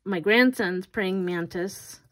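A woman's voice: mid-range voice, slow pace. An older woman and grandmother chatting casually while doing her nails, telling a rambling story with laughs and restarts. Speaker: nail art vlogger.

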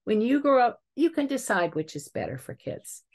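A woman speaking as a calm, caring stepmother. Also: on the high side, normal speed, voice pushed up. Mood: soothing. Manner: gentle and soothing.

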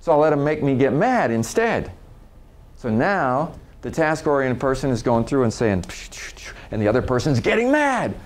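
A man who trains people in communication, giving an informal talk on handling difficult people. He is animated, restarts and repeats words often, and acts out short quoted exchanges as he goes. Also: mid-range voice, moderate pace.

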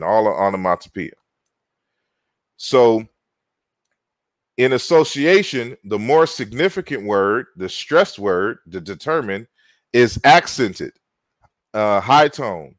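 Male lecturer talking through slides, slow and unhurried, stopping and restarting often; dry, close sound. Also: mid-range voice, no room sound. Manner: halting, many fillers and repeated words.

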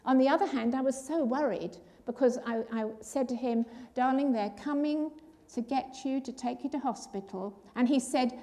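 A woman's voice: high voice, normal speed, hardly any pauses, dark tone. An older woman giving an earnest personal testimony at a church, telling her story and acting out the voices of the people in it.

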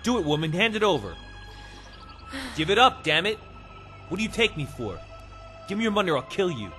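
An actor doing a rough streetwise teenage boy. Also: medium pitch, big pitch swings, rapid-fire, faint music behind, close to an everyday voice. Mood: menacing. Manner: rough, blunt and swearing. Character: tough teenage male street kid, streetwise. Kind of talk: dubbed drama acting.

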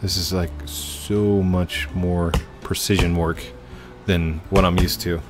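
A man's voice: low-pitched, flat delivery, takes it slowly, over music. A man hosting casual let's-play commentary at his home computer, chatting to viewers and narrating his own moves. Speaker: gaming channel host.

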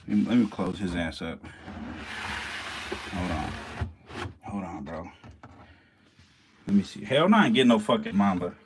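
Talking to camera in a low-leaning voice with slight background noise, a man feeds his snakes for a casual vlog, the handheld camera occasionally set down. He swears, cracks jokes and laughs at them, and addresses the snakes and mice as he goes.

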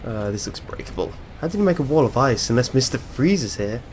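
A man hosting a let's play, giving excitable, chatty gameplay commentary and laughing often. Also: mid-range voice, fairly quick, background noise.

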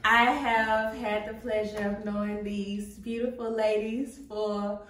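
A woman's voice: medium pitch, level tone, unhurried, fairly bright tone. A woman from Houston chatting casually and laughing as a guest among friends. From Houston, Texas. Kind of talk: casual chat. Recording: echoey room, mic far off.

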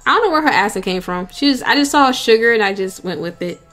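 A woman's voice: a little high, animated, fast, hardly any pauses, fairly bright tone. A young woman giving chatty, giggly commentary while playing a game, talking to viewers as y'all. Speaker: let's play gamer.

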